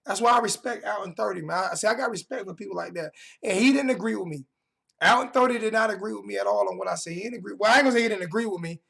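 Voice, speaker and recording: His voice is high-pitched, racing, creaky and a bit bright. Hosting a stream from home, the young man angrily trash-talks his chat and repeats himself to drive points home.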